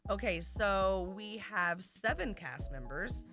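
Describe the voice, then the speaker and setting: A woman's voice: mid-range voice, animated, slow pace, a bit bright, soft background music. A woman talking about her theater company in an eager, rambling way, often restarting sentences. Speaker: theater organizer and actor. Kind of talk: casual interview chat.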